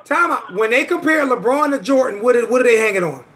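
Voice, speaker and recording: A man in his forties hosts a live sports show, his very high-pitched voice expressive and fast. Loud and argumentative, he trades heated trash talk and keeps repeating himself to drive his points home.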